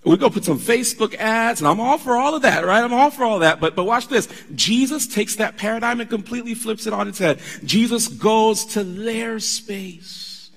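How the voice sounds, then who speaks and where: A pastor delivering a sermon, emphatic and conversational, with asides to the congregation. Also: male voice, high voice, animated, fast, creaky, hardly any pauses, fairly bright tone, in a large hall.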